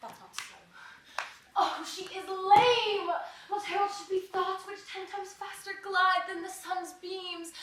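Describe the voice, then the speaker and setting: Stage role: a young woman playing an eager lovestruck girl, high bright voice, echoey and distant. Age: young adult. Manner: swings from brooding to excited outbursts. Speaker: student actor. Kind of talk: stage acting. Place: theatre stage. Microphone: far camera. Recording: echoey stage, filmed from far off.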